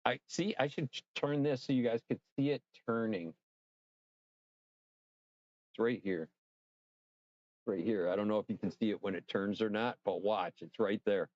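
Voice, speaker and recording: A man hosting a casual livestream, rambling and excitable, swearing freely and talking straight to his viewers. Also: lowish voice, normal speed, long pauses, no room sound, muffled recording. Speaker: livestream host.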